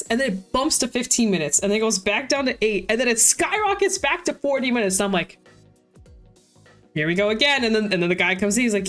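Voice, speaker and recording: A young woman streamer telling a story in a casual, animated way, laughing often and acting out quotes with lots of fillers. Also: on the high side, normal speed, pauses often, soft background music. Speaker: card game streamer.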